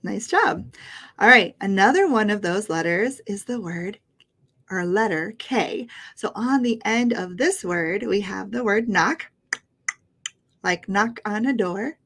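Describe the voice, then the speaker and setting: Slow, encouraging American teacher woman. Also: mid-range voice, lively intonation, fairly bright tone. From United States. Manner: patient, encouraging, laughs often. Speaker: English teacher. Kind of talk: pronunciation lesson.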